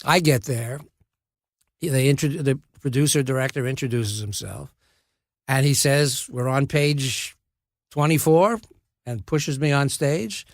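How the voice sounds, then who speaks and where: A gravelly-voiced man in his seventies spins a wry, self-deprecating story about his early acting work. He talks at an everyday pitch, with restarts and dry humor. The sound is close and dry, with no room echo. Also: a little slow. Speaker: actor, podcast guest. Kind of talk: casual anecdotal storytelling.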